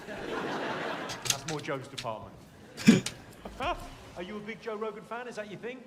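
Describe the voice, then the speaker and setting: A man's voice: high-pitched, big pitch swings, takes it slowly. A man doing stand-up crowd work at a comedy club, brash and sweary, teasing the audience. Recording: live club, loud crowd laughter.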